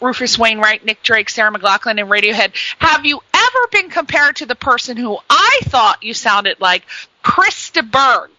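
Gushing high-voiced woman radio host. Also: pushed and bright, no echo, rough recording. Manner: gushing, chatty, exclamatory. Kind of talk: casual radio interview.

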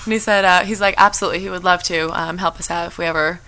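A woman's voice: lowish voice, fairly even intonation, racing, bright, forceful tone, clean tone, poor audio. A young woman co-hosting a radio talk show, chatting casually and acting out quotes as she tells stories. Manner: chatty storyteller, acts out quotes. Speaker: radio co-host. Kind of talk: casual chat.

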